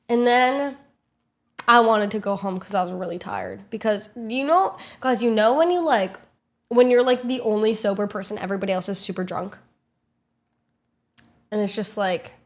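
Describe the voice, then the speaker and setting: A young woman telling a trip story to camera in a chatty, casual way, swearing freely and acting out quotes. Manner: chatty, swears freely, acts out quotes in high squeaky voices. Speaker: streamer vlogging a trip.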